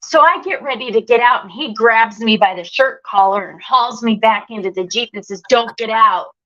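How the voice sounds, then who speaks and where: Animated woman storyteller, higher pitch; dull lo-fi sound. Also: moderate pace. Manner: animated, acts out quoted voices. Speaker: guest. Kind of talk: telling a personal story.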